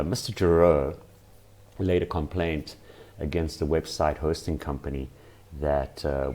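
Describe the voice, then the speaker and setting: Very deep-voiced man ranting casually. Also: a little mellow. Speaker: channel host. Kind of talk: casual commentary.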